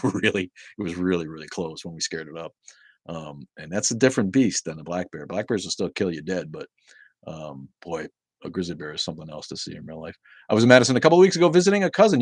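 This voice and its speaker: A man's voice: deep voice, animated, quick pace, husky, no room sound. A middle-aged man hosting a livestream, chatting casually with viewers and rambling profanely between their comments. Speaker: livestream host reading viewer chat.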